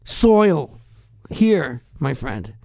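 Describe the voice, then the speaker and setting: A man's voice: on the high side, sing-song, extremely slow, creaky, a little mellow, no room sound, clean studio sound. A middle-aged man with a Boston accent, a podcast guest ranting in profane, heated, rambling bursts. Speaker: podcast guest, hardcore musician. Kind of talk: ranting casual chat.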